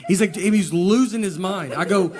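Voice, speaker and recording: Male stand-up, low-key deadpan delivery, live room with heavy crowd noise. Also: moderate pace. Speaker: stand-up comedian. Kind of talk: stand-up comedy set. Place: live venue with laughing audience. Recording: loud crowd laughter and noise.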